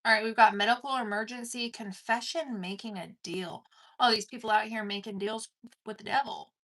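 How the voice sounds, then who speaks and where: A woman's voice: fairly high pitch, fairly even intonation, brisk, a bit bright. A woman giving an intense collective tarot reading, swearing casually and calling the listener "dude". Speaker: tarot card reader.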